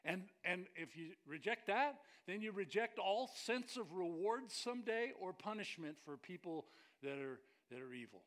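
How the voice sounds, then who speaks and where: Animated, high-voiced male pastor preaching. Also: moderate pace. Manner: animated, joking with the congregation. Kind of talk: sermon.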